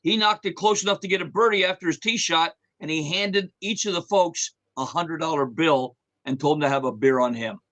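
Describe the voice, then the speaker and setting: A man's voice: on the high side, a bit bright, rough recording. A man reading sports trivia questions with multiple-choice answers on a radio show. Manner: reads questions briskly with multiple choice options.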